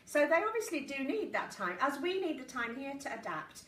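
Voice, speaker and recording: A woman's voice: high voice, very animated, fairly quick. A woman hosting a casual live stream as a psychic medium, chatty and jokey, at home. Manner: chatty, warm-hearted, jokey. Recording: roomy echo, voice a bit far from the mic, faint background hiss.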